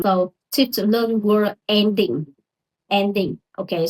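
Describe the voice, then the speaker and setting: A young woman who is not a native English speaker talks through a casual lesson at a very slow, careful pace. She repeats each word several times and keeps checking in with the listener. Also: mid-range voice, low-quality recording. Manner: slow and careful, repeats words and says "okay?" often. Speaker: English learner teaching word stress.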